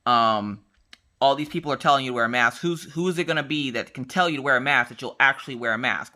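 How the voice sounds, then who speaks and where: A woman chatting casually to camera while crafting, telling a story and acting out the people in it. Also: a bass voice. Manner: animated storytelling, acts out dialogue. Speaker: vlogger.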